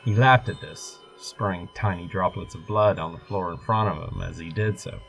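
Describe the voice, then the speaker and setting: A man narrating a first-person horror story in a steady, measured way. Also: sits low, vocal fry, low-quality recording. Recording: music bed behind voice.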